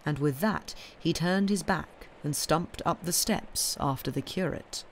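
A woman narrating classic fiction aloud in a measured storytelling manner. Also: low-pitched, slight background noise. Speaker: audiobook reader.

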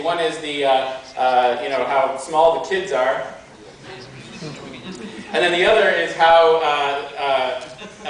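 An American man giving a conference talk, halting, with many fillers and restarts. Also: on the high side, a bit bright, a little hiss or hum. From United States. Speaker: conference speaker. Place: large conference hall. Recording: echoey hall, mic from a distance.

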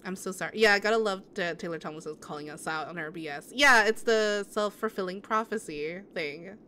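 A woman's voice: mid-range voice, a little fast, bright, forceful tone, a little hiss or hum. A woman game streamer in casual live-stream chat, answering her viewers with sympathy and rambling through many restarts.

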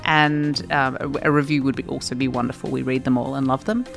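A woman's voice: rumbling low, flat delivery, brisk, gravelly, faint music behind. A woman reading a playful, breezy promo for her podcast.

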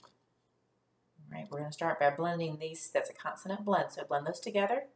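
A woman teacher leading a first grade phonics lesson, sounding out letters slowly and praising the class. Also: low-pitched, creaky. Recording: echoey room.

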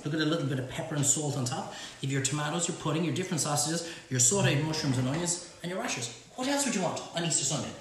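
An Irish man with a slightly high, bright, forceful voice hosts a live-streamed cook-along from his home kitchen. He jokes and banters with viewers while reading their comments. The kitchen sounds echoey, with slight background noise.

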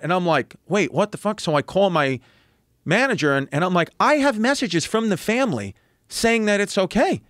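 A man in his thirties, a comedian and podcast guest, telling a story in casual chat, animated and profane, acting out other people's lines as he goes. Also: high-pitched, normal speed, no room sound, studio quality. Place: podcast studio.

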